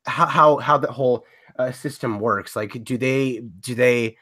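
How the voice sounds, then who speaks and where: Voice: mid-range voice, measured pace, fairly bright tone. Hesitant podcast host asking questions. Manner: hesitant, filler-heavy questioning. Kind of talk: casual interview questions.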